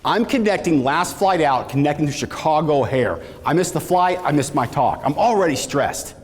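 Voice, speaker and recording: Delivering a motivational keynote in a reverberant hall, a man with a rather high voice tells an energetic story at normal speed. He's animated and keeps calling out to the audience.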